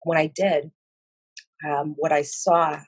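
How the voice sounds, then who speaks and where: Breathy woman slowly recounting a vision. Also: deep voice, level tone, no room sound. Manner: slow and halting, with many fillers; emotional and earnest. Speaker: speaker sharing a spiritual vision. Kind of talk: personal account of a vision.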